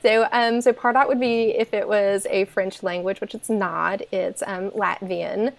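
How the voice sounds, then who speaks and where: Creaky-voiced Kentucky woman guest. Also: mid-range voice, steady tone, unhurried. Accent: Kentucky Southern US. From Kentucky, USA. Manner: easygoing, self-deprecating, many fillers. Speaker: podcast guest, consultant. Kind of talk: casual interview chat.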